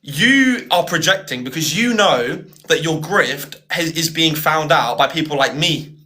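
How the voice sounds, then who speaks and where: A man's voice: on the high side, animated, a little slow, sharp tone. A young British man hosting a live stream, taunting his guest and laughing often. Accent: British English. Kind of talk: mocking live-stream argument.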